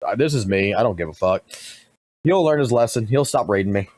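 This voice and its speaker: A man streaming live commentary, blunt and profane, talking fast and animated. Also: lowish voice, dry recording.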